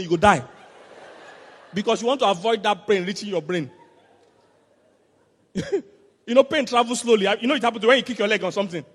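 A man preaching a sermon as pastor, telling animated stories with laughter and sudden shouts. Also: extremely high pitch, slightly rough. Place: church hall. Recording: long hall reverb.

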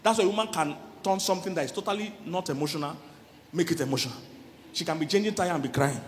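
A middle-aged man, a relationship coach giving a lively church sermon on marriage, often laughing and acting out voices. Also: on the high side, fast talker, big-room sound, a little hiss or hum. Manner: animated, laughing, acts out quoted voices.

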